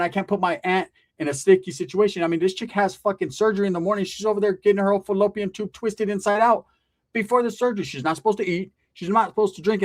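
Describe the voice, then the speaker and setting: A slightly high-voiced man doing profane, rambling stand-up storytelling. He piles on crude asides and slips into character voices as he goes. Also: a bit bright. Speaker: comedian.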